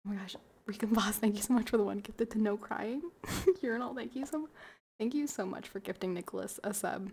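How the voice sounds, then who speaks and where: Tipsy from wine, a young streamer giggles through casual chat and thanks the people watching. Her medium-pitched voice is creaky, husky and darkish in tone, fairly quick with fairly even intonation.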